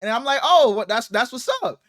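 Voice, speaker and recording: A man's voice: very high voice, expressive, fairly quick, fairly bright tone, no echo. A man co-hosting a casual sports podcast, telling a story with lots of laughter and swearing. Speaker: podcast co-host.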